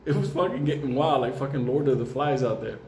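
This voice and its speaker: A man tells a comic story in a profane, animated way, laughing often. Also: mid-range voice, fast, slight background noise. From New York. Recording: roomy with faint ambience.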